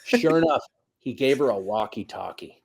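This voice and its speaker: Brief: middle-aged man, soccer coach guest, lively storyteller, swears casually, mid-pitched voice. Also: normal speed, vocal fry, slightly rough. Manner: animated storyteller, acts out quotes, swears.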